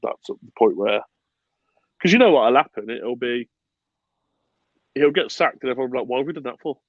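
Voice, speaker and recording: A man hosting a casual football podcast, animated and swearing freely, with bursts of laughter. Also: mid-range voice, brisk, dry recording, narrow, tinny audio. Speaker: podcast host.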